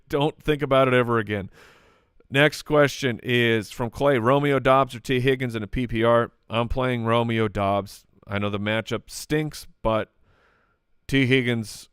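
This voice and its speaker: Brisk man rattling off quick picks. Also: mid-range voice, a bit bright, clear, resonant tone, no echo, clean studio sound. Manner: rapid-fire, joking, lots of restarts and fillers. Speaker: podcast host answering listener questions. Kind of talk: live podcast chat.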